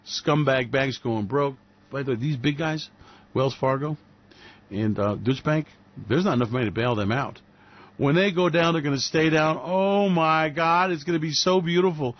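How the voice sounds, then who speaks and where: A man's voice: fairly high pitch, normal speed, highs cut off. A man hosting a radio show, ranting in a sarcastic, profane, mocking way. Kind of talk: solo financial commentary rant.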